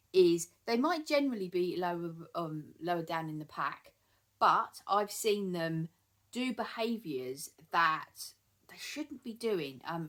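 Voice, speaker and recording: Woman, dog trainer, lowish voice, rambling chatty delivery with ums. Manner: chatty, repeats words, many ums. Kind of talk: casual talking-to-camera advice.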